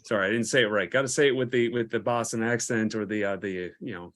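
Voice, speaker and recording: A man's voice: lowish voice, fast, fairly bright tone. A man cohosting a casual live stream, reading pickup lines with a lot of hesitation and laughter. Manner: laid-back, hesitant, laughs often.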